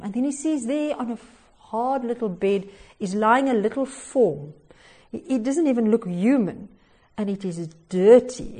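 A woman's voice: on the high side, warm tone. A woman preaching a devotional sermon, telling a story expressively with little chuckles and hesitations.

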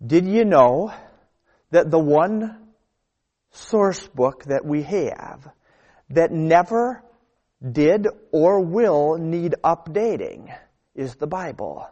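A man preaching a sermon, emphatic, repeating phrases and letting his sentences fall to quiet, low endings.

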